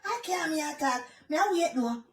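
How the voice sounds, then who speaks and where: A woman with a Jamaican accent giving comic reaction commentary, wailing in melodramatic, drawn-out exclamations. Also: high-pitched, lively intonation, a bit bright, slight background noise.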